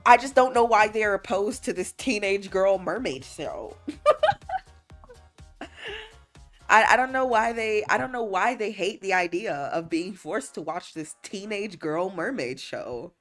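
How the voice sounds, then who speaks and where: A woman's voice: medium pitch, normal speed, hardly any pauses, faint music behind. A woman livestreamer in a casual chat, laughing often and teasing as she reads chat messages aloud and answers them. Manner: playful, teasing, animated.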